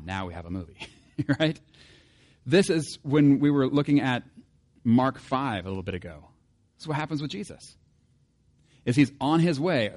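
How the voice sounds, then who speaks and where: A man's voice: medium pitch, a little mellow. Conversational man preaching a sermon. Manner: conversational, asks the congregation rhetorical questions. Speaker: pastor.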